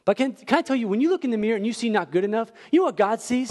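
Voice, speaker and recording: Casting: high-pitched male preacher, animated storyteller, long hall reverb. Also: very fast, few pauses. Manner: animated storyteller, swings from quiet to near-shouting. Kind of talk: sermon with storytelling.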